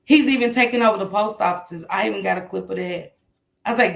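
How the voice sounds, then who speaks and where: A woman's voice: medium pitch, fast, creaky, roomy sound. A woman hosting a casual morning commentary show, talking bluntly and emphatically with plenty of swearing.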